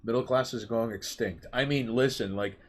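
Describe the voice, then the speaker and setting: A man's voice: mid-range voice, normal speed. A man co-hosting a casual chat show. He rambles and stumbles over his words. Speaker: podcast co-host.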